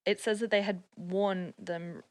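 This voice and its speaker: A woman's voice: mid-range voice, fairly even intonation, measured pace. An Australian woman, a podcast guest, chatting casually and explaining things at length with frequent laughs. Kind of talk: casual chat.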